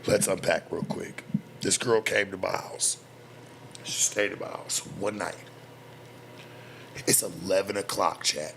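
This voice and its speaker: A man's voice: deep voice, steady tone, vocal fry, a bit bright, a little hiss or hum. A man from the US West Coast, a streamer giving a heated, profane reaction commentary. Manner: profane, heated, rapid-fire ranting.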